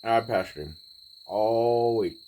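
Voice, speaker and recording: A man in his forties, telling a personal story in a laid-back, rambling way with pauses. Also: lowish voice, warm tone, a little hiss or hum, poor audio. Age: 40s. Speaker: vlogger. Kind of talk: casual storytelling.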